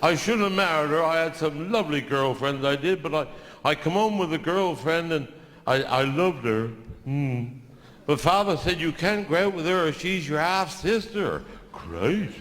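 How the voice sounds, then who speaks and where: An older man with a Cornish accent telling stand-up stories, with dry deadpan asides after each punchline. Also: fairly high pitch, moderate pace. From Cornwall. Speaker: stand-up comedian. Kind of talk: stand-up storytelling. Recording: live show in a large hall with audience laughter.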